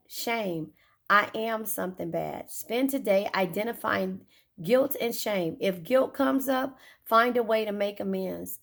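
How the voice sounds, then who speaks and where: A woman's voice: mid-range voice, vocal fry. A woman giving a casual tarot reading in a car, blunt, profane and chatty as she talks straight to her viewers. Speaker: tarot reader.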